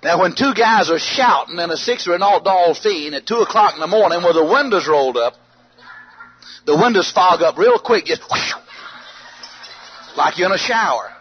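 A man preaching a storytelling sermon, animated, bursting into shouts and yells as he tells it. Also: high voice, brisk. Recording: dull lo-fi archive sermon tape with faint hiss.

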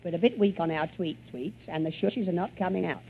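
Chirpy English music-hall comic on tinny record. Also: male voice, sits high, fairly quick, creaky, a little hiss or hum. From England. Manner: chirpy, cajoling the audience to sing along. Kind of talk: comic song with audience patter. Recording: tinny 1929 gramophone record with band.

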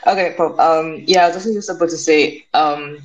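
A woman from Africa, a student, who speaks in a measured, polite way in a casual live audio chat and asks questions. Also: low-pitched, a little hiss or hum, poor audio.

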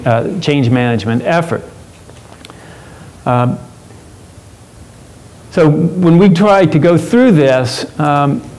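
A man's voice: fairly high pitch, a little mellow, low-quality recording. Man giving a conference workshop talk. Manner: conversational, with frequent fillers and restarts. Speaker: conference presenter.

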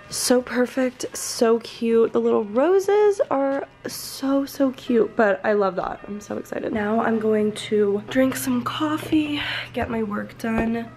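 A woman's voice: on the high side, darkish tone. A woman in her twenties chatting casually to her camera as she runs errands, giggly and self-deprecating. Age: 20s. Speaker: vlogger. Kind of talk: casual vlog chat. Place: moving between indoors, car and street.

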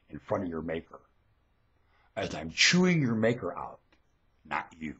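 A man delivering a preachy, ranting monologue into a webcam microphone, lurching between muttering and shouting. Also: sits low, wildly swooping pitch, measured pace, pauses often.

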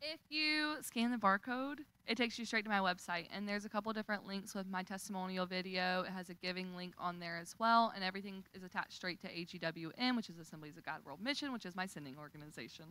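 A woman's voice: medium pitch, quick pace, hardly any pauses, pushed and bright, smooth, poor audio. A young woman missionary speaking earnestly to a church congregation, asking for prayer and support. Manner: earnest, appealing. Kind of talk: testimony appeal at church.

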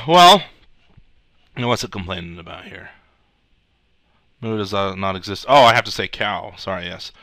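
A man walks through code in a relaxed screencast lesson, his voice very bright and crisp. He thinks aloud as he types, restarts phrases and clears his throat often. The sound is dry and close, with keyboard clicks behind him. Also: fairly low pitch, normal speed, pauses often, no room sound. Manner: thinks aloud while typing, casual asides and restarts. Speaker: programming instructor. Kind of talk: screencast coding tutorial.

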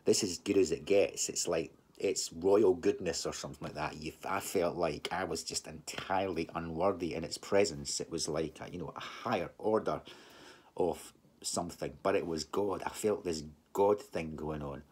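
A middle-aged man telling a personal testimony in a halting, rambling way, full of restarts and remembered thoughts. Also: low-pitched, a little mellow, slightly rough. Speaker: speaker giving a personal testimony. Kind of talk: emotional personal storytelling.

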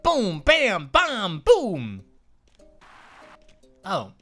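A woman giving excitable, giggly let's play commentary, often apologizing to game characters. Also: medium pitch, drawn-out words, faint music behind. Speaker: gaming channel host.

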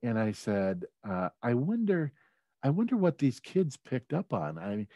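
A middle-aged man speaks in a low, mellow voice, recorded dry and close. He tells a personal story in a loose, conversational way, full of ums and restarts. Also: no room sound. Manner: conversational, many fillers and restarts, gets choked up. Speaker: speaker at a leadership talk.

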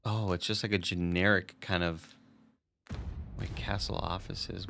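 A man chatting through a game stream in a fairly low voice with a bright, forceful edge. His talk is loose and casual. He swears freely and laughs a lot as he plays. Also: flat delivery, a little slow, gravelly, faint music behind. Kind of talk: casual gameplay commentary.

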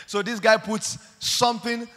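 A man preaching a sermon, animated and full of stories. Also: sits high, unhurried. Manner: animated, storytelling with acted quotes. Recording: long hall reverb.

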